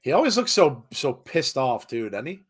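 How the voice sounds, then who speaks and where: Middle-aged american guy rambling on a wrestling watch-along, lots of ums, reading chat out loud. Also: medium pitch, sing-song, moderate pace, breathy edge. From United States. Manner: rambling, full of fillers, reads chat comments aloud. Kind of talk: casual live commentary chat.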